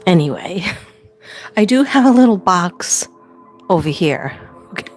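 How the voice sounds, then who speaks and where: A woman's voice: on the low side, lively intonation, a little slow, darkish tone, faint music behind. A woman hosting a casual livestream from home, chatty and rambling, laughing often. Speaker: livestream host.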